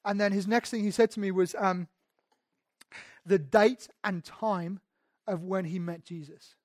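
A man's voice: sits high, fairly even intonation, a little slow, no room sound, clean studio sound. A man, a pastor, preaching a sermon conversationally and emphatically, often repeating words as he goes.

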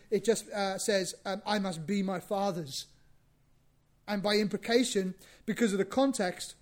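A man preaching a sermon, lively and conversational, acting out bits of dialogue and repeating words as he goes. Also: high-pitched. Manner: animated, acts out biblical dialogue, repeats himself.

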